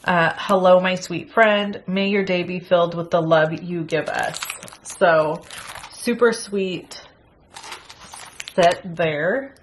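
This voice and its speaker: Chatty woman crafter, low and unhurried. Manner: chatty and excitable, gasps at pretty items. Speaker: crafting channel host. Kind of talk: casual unboxing chat.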